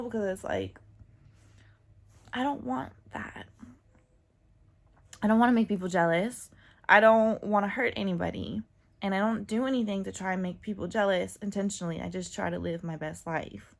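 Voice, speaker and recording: A woman talking casually and candidly in a personal vlog, full of fillers and asides. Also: medium pitch. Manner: chatty and candid, many fillers, laughs often. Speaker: vlogger.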